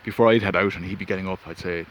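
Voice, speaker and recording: This deep-voiced man, a vlogger, races through a meandering personal tale while outdoors, breaking into his own sentences along the way. His intonation stays fairly even and his tone is a bit bright. The phone recording carries faint wind and ambient noise.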